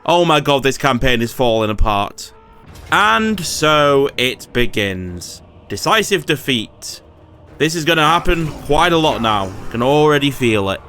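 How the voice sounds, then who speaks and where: A man's voice: medium pitch, sing-song, unhurried, bright, forceful tone. A man giving casual, swearing commentary over his strategy game and talking back at the computer players. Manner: swears, talks to enemy AI lords in frustration. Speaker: gaming YouTuber.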